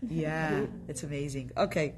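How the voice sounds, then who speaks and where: A middle-aged woman from Canada teaching a casual group class, lively and chatty, often putting questions to her students. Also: low-pitched, a little slow, crowd noise.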